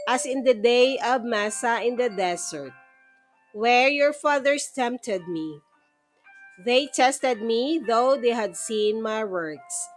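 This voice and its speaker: A woman reading scripture aloud in a calm, measured, reverent way. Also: on the high side. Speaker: scripture reader. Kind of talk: slow devotional scripture reading. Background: soft instrumental music.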